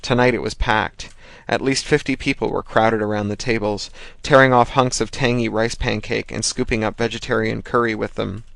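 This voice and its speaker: Gravelly low-voiced male narrator. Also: steady tone, moderate pace, fairly bright tone, dry recording. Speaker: audiobook narrator. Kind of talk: scripted narration.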